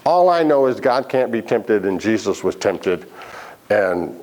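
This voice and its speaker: Animated man teaching a Bible class. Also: lowish voice, measured pace, a little hiss or hum. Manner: lively, asks the class questions, joking asides. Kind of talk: interactive Bible lesson.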